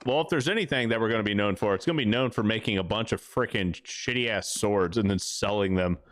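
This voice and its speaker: A man's voice: lowish voice, brisk, no echo, studio quality. A man hosting a livestream, rambling and joking crudely while he plays. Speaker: livestream host. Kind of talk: casual gaming commentary.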